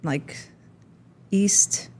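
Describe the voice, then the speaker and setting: A woman's voice: extremely slow, dark tone, slight background noise. A middle-aged woman comedian from the Midwest chatting casually, rambling and laughing as she tells stories. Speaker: comedian guest. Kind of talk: casual chat.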